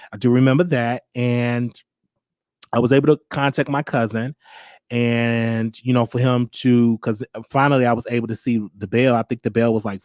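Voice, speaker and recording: A man's voice: medium pitch, a little mellow, dry recording. Candid man telling his story, dry sound. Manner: candid, halting, with frequent restarts. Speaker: show host. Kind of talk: personal storytelling.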